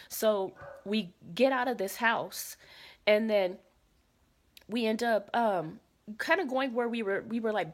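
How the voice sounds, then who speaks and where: A woman casually recounting a frightening dream, repeating phrases and dropping into whispers for quoted lines. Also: medium pitch. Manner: dramatic retelling, drops to whispers for quoted lines; animated, repeats phrases, many fillers. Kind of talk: casual spoken storytelling.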